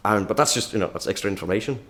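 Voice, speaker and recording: A man's voice: lowish voice, rapid-fire, a bit bright, natural voice. A man voicing a laid-back Scottish man with a Scottish accent, with throaty sounds from the back of the throat and a lazy drawl.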